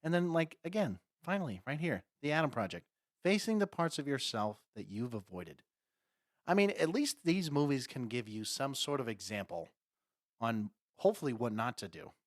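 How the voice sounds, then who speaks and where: A man talking loosely on a podcast, with a mid-pitched voice and lots of laughter and swearing. His voice comes across very dry and close, with no room sound around it. He rambles in a relaxed, casual way. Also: normal speed, no echo. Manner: laughs often, swears freely, acts out silly voices. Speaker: podcast co-host. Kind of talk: casual chat.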